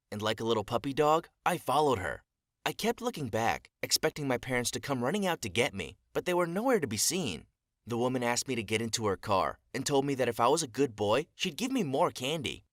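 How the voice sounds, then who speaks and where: A young man narrating an animated story in an earnest, dramatic storytelling manner, recalling his childhood. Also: medium pitch, no echo, studio quality.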